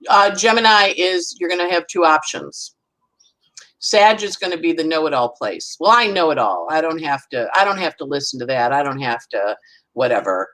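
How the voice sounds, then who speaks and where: A woman's voice: sits low, expressive, normal speed, a bit bright, low-quality recording. A woman astrologer, a guest, chatting casually through a weekly forecast and acting out little voices and sounds as she goes.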